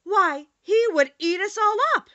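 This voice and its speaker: A woman voicing a tiny female queen mouse with a squeaky little voice, proud and easily alarmed, in a storybook reading. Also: sing-song, unhurried, a bit bright, no echo, muffled recording, exaggerated voice. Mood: timid. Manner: proud, then timid.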